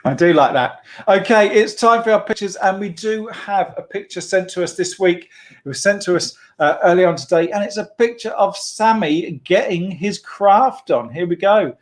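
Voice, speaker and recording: A man with a slightly high voice hosts a children's church club, talking casually to kids and families. He is playful and talkative, laughs easily, and stops often for an um or uh. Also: normal speed. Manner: chatty and playful, with frequent laughs and fillers. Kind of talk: casual online hosting for children.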